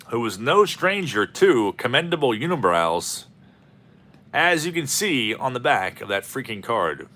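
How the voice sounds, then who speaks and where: A man's voice: mid-range voice, big pitch swings, measured pace, pushed and bright. A man hosting a card-opening video, rambling and joking as he calls out player names. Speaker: host of a card-opening channel. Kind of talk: casual commentary while opening packs.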